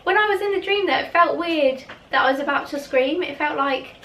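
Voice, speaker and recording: A woman's voice: high-pitched, a little fast, few pauses, fairly bright tone, roomy sound, distant mic, slight background noise, poor audio. A woman telling a long story in a casual, rambling way, often laughing mid-sentence. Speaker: vlogger.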